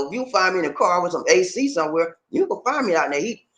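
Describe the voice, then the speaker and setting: A man from Charleston, South Carolina, with a Gullah Geechee accent, chatting casually to camera in an animated, laughing way, full of slang like "man" and "baby". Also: high voice, fast talker. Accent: Gullah Geechee, South Carolina Lowcountry. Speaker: vlogger. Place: Philippines.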